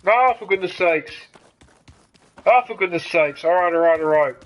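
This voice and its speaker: A man's voice: high voice, moderate pace, rough recording. A man, ranting heatedly and with lots of swearing during live gameplay commentary. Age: 50s. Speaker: gaming streamer.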